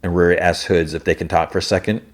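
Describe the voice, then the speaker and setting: A man's voice: low-pitched, steady tone. A man hosting a podcast, casually recapping a TV episode and quoting the characters' lines, with plenty of fillers like "like" and "uh". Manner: recounts scenes with quick quoted dialogue, many fillers. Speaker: podcast host.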